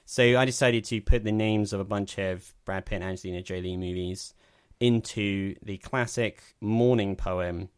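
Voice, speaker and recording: A man's voice: on the low side, steady tone, moderate pace, hardly any pauses, smooth, dry recording. A man hosting a film podcast, chatting casually with dry, self-deprecating humor. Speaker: podcast host. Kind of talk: casual chat.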